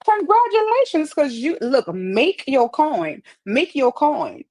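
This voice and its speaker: A woman's voice: sits high, sing-song, slow pace, a little mellow. A woman on a live stream answering viewer comments with upbeat encouragement, often repeating phrases for emphasis, speaking into a wireless earpiece. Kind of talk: motivational live-stream chat.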